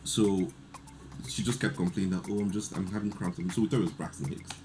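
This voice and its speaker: A man, telling a lively story in casual chat and acting out the quotes. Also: low-pitched, fast talker, noisy background. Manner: animated storyteller, laughs often, acts out quotes. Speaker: podcast guest.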